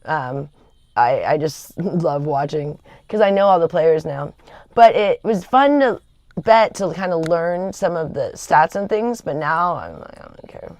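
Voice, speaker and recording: A woman's voice: sits low, lively intonation, unhurried, darkish tone, no echo. A woman chatting casually on a livestream, rambling with lots of fillers and laughter. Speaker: livestream host. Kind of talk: casual chat.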